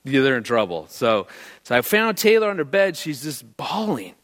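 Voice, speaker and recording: Guy giving a marriage talk, animated storyteller, does his kid's voice, long reverb from a big hall. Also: mid-range voice, normal speed. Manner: animated, jokey, acts out his daughter's lines. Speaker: marriage speaker. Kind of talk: storytelling talk to a live audience.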